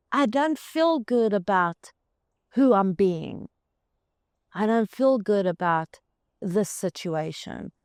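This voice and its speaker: A woman's voice: medium pitch, a little mellow, no echo, studio quality. Woman giving an emphatic motivational talk. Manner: emphatic, repeats words in long strings; addresses the listener directly as "you". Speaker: host.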